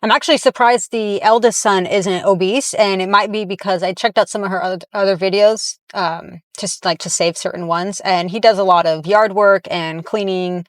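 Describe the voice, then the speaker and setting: A woman's voice: mid-range voice, steady tone, moderate pace, few pauses, no echo, clean studio sound. A woman giving blunt, heated reaction commentary on fitness and diet, talking from inside a car.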